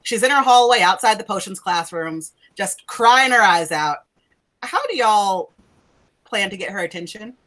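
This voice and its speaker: Woman game master, casual and jokey, middle pitch. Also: lively intonation, normal speed, a bit bright. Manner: casual, laughing and swearing freely. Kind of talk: narrating a tabletop game.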